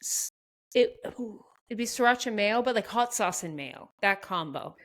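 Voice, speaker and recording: A woman with a Canadian accent, co-hosting a podcast in quick, animated casual chat with frequent laughs. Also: mid-range voice. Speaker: podcast co-host.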